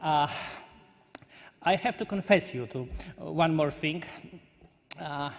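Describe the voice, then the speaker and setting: Polish man giving a halting hall speech. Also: fairly high pitch, creaky. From Poland. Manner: halting, searching for words, earnest. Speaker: conference delegate speaker. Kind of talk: conference speech. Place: large conference hall. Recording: long hall reverb.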